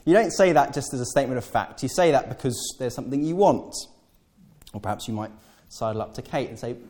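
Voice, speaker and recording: A man's voice: medium pitch, animated, fast, a little mellow. A man preaching a sermon to a congregation, talking in a conversational way with playful asides and self-corrections. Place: church hall with congregation.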